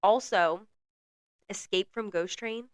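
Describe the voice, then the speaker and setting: A woman's voice: medium pitch, slow pace, clean tone, no echo. A woman co-hosting a book podcast, chatting animatedly and telling stories in a casual way. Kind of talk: casual chat.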